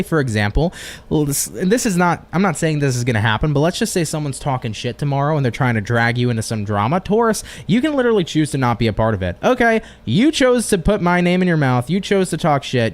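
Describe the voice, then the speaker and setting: A man giving a chatty, upbeat tarot reading on a live stream, with casual slang and swearing. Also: medium pitch. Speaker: tarot reader.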